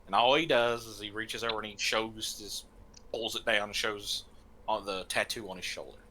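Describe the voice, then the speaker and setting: A man's voice: lowish voice, steady tone, moderate pace, bright, forceful tone, low-quality recording. A man narrating a tabletop game as game master, casually describing scenes.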